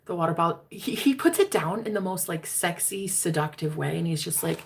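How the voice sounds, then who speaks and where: Animated, cussing woman telling a story. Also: on the low side, brisk, creaky, hardly any pauses. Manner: animated, swearing, addresses viewers as girl; drops into whispers for emphasis. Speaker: love reading content creator. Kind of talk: casual storytime to viewers.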